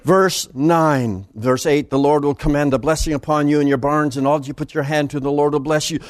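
A man preaching a sermon, reading scripture with loud, soaring passages and dropping to quiet asides. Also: steady tone, normal speed. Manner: dramatic swings between booming scripture reading and quiet asides.

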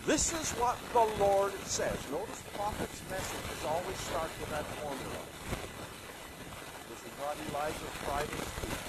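A man teaching a Bible lesson outdoors, reading passages aloud with animated, rising emphasis on the quoted lines. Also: a little high, measured pace. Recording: outdoor recording with loud boat and water noise.

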